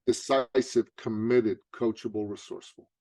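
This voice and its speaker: A man's voice: fairly low pitch, moderate pace, no room sound. A man, a business coach and author, telling a story in an interview and acting out the dialogue. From Canada. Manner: animated storyteller, acts out dialogue.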